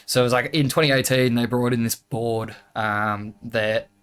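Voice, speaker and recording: A man's voice: medium pitch, fairly even intonation, normal speed, a bit bright, clear, resonant tone. A young man talking casually as a podcast guest, rambling with frequent swearing and restarts. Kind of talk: casual chat.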